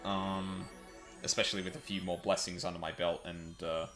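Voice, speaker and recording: A man's voice: low-pitched, level tone, normal speed, over music. A man streaming, chatting casually and rambling with lots of fillers and self-corrections. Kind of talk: casual stream wrap-up chat.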